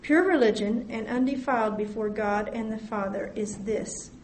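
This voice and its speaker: A woman's voice: fairly high pitch, normal speed, darkish tone, slight background noise. A woman preaching a sermon, reading scripture aloud and speaking prayers in an earnest, explanatory way. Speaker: Bible teacher. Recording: echoey room with faint ambience.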